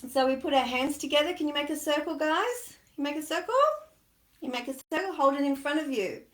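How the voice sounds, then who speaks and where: A woman leads a children's storytime, her voice sitting a little high as she coaxes the kids to join in. Her delivery is sing-song and encouraging, and the recording picks up a roomy echo around her. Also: a little fast. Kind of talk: talking to young children online.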